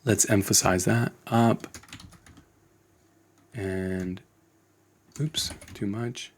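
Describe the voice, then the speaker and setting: A man teaching animation in a screen-recorded tutorial, relaxed and thinking aloud as he works. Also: fairly low pitch, very slow, slight background noise. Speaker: animation instructor.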